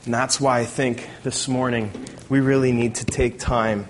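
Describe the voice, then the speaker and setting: A man's voice: mid-range voice, level tone, normal speed, slight background noise. A man preaching a sermon as pastor, conversational with bursts of dramatic emphasis.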